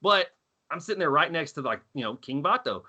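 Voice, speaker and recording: A man in his thirties from Texas, telling stories on a podcast, profane and animated as he acts out quotes. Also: a little high, brisk. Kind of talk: casual storytelling chat.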